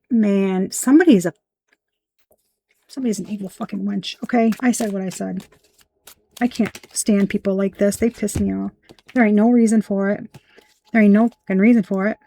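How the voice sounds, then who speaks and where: A woman's voice: medium pitch, a little mellow, no room sound. A woman giving a casual tarot reading, blunt and emphatic, swearing freely as she points out the cards. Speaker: tarot reader.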